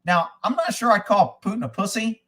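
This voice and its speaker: A man with a somewhat higher voice for a man, talking off the cuff as he answers viewer comments. He is blunt and opinionated and swears freely. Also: lively intonation, fairly quick, a bit bright. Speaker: host reading viewer comments. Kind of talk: casual live commentary.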